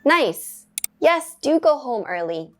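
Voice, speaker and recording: A woman giving a scripted English grammar lesson for beginners, speaking clearly and measuredly, with bright praise between exercises. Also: medium pitch, animated, measured pace, a little hiss or hum. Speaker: English teacher.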